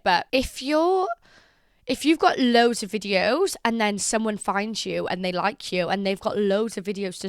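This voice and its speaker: Chatty young woman, smooth voice. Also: mid-range voice, no echo, clean studio sound. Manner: chatty and animated, acts out quotes. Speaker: social media creator. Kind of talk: casual advice vlog.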